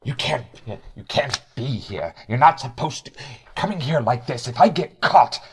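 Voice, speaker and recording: A man's voice: medium pitch, animated, slightly rough, pitched above the performer's own voice. A man doing a jittery cartel insider. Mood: nervous. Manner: anxious, hurried, defensive. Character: nervous male cartel insider, fretful and jumpy.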